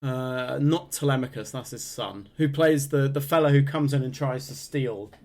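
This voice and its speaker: A man's voice: mid-range voice, moderate pace, a little mellow. Joking podcast man from northern England. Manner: jokey, riffing, trailing restarts. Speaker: podcast co-host. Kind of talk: casual comedic chat.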